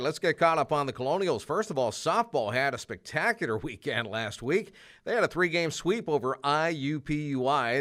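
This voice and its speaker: A man hosting a college athletics show, chatting relaxed with fillers and restarts. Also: medium pitch. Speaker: host. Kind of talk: casual interview and sports news roundup.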